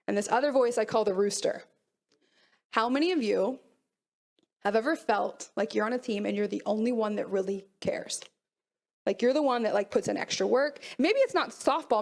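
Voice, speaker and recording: A woman in her thirties giving an earnest motivational talk to young athletes, telling her own story and acting out the voices in her head. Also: high-pitched. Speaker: mental performance speaker.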